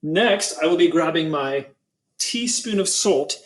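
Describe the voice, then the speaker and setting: A man's voice: a little high, animated, measured pace. A man, a school choir director, demonstrating a recipe in a kitchen, talking playfully and hamming up a mock British accent. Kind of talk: casual cooking demonstration.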